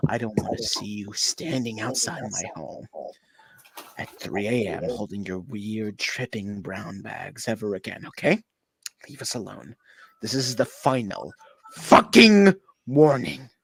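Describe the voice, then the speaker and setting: Gravelly man doing theatrical readings. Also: lowish voice, measured pace. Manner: over-the-top theatrical, shifts between yelling and hushed narration. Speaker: podcast co-host. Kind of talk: dramatic reading of online posts.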